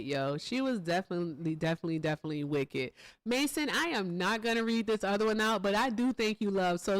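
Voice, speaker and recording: A woman hosting a live stream in a loose, chatty manner, with frequent laughter and casual swearing. Her voice sits at an ordinary middle pitch. The sound is dry and close, with almost no room echo. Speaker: livestream host. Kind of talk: casual live-stream chat, thanking donors.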